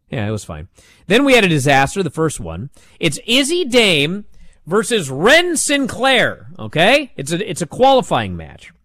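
A man casually recapping a wrestling show, animated and sarcastic as he tells it. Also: on the high side, dry recording, clean studio sound.

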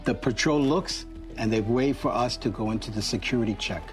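Man telling a lively road story. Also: mid-range voice, brisk, far from the mic, soft background music. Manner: animated anecdote with acted quotes. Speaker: boxing talk host. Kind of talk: casual storytelling.

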